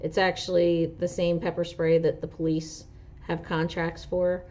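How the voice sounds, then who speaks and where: A woman's voice: on the low side, completely flat delivery, unhurried, a little mellow. A woman with a New Jersey accent, a truck driver and instructor hosting a casual livestream and chatting with viewers, rambling with lots of fillers. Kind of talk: casual livestream chat, answering viewer comments. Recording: dull lo-fi livestream audio.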